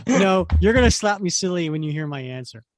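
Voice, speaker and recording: A man's voice: sits high, a little fast, crowd noise. A middle-aged man co-hosting a podcast, chatting casually and animatedly, sometimes breaking into song and laughter. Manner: animated, sings snatches of songs and laughs. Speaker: podcast co-host. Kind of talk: casual chat.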